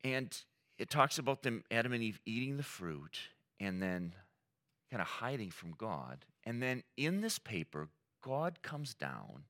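Male pastor, preaching with earnest emphasis and story asides; lower voice that swings widely. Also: big pitch swings, unhurried, a bit bright. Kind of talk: sermon.

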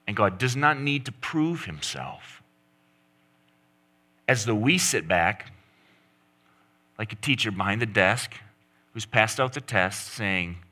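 A man's voice: lowish voice, animated, slow, pauses often, bright, forceful tone. A middle-aged man preaching a sermon, emphatic, pushing his voice up and down to stress points. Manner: emphatic, rising and falling for stress. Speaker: pastor.

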